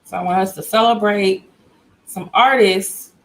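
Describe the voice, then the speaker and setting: A woman's voice: medium pitch, steady tone, a little slow, rough recording. A woman hosting a casual livestream from home, chatty and greeting viewers by name as they join. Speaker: livestream host.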